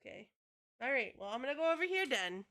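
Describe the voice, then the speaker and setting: Lively bright-voiced woman streamer. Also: sits high, fast. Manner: rambling, swears casually, talks to chat. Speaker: game streamer. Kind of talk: casual live-stream chat.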